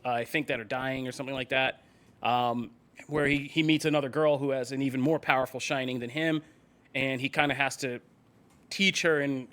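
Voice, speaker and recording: A man hosting a casual pop culture podcast, steering the talk from topic to topic, animated and laughing often. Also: medium pitch. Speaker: podcast host. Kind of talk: casual chat.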